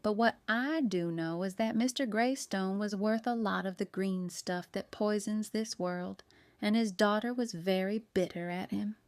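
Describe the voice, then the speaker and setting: A woman voicing a shrewd, folksy older woman baker who talks in a slow, homespun, musing way. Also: medium pitch, a little mellow, smooth, no room sound, close to an everyday voice.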